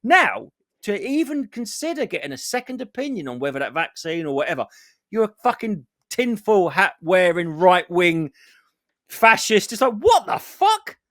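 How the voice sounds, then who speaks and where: A man's voice: high-pitched, very animated, moderate pace, a bit bright, no room sound, studio quality. A man, co-hosting a comedy podcast, ranting and swearing as he mimics other people. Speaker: podcast co-host. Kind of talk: casual comedy podcast rant.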